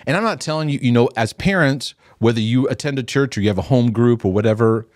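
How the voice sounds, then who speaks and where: A middle-aged man who used to be a youth pastor speaks quickly at medium pitch, telling stories as casual teaching and dramatizing the quotes, sometimes restarting. The audio is clean studio sound with no room tone.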